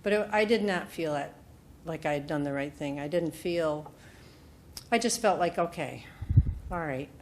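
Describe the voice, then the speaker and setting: A woman speaker at a retreat, telling a personal story in an animated way and acting out what others said. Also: low-pitched, moderate pace, slight background noise. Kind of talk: personal testimony talk. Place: retreat meeting room.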